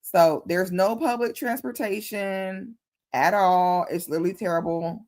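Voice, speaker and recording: Low-voiced woman chatting on a livestream. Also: normal speed. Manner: animated, swearing, talks straight to chat. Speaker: livestream host. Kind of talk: casual livestream chat.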